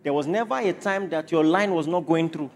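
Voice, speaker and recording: A man's voice: fairly high pitch, a little fast, a little hiss or hum. A man preaching a sermon to a congregation, driving points home with repeated rhetorical questions.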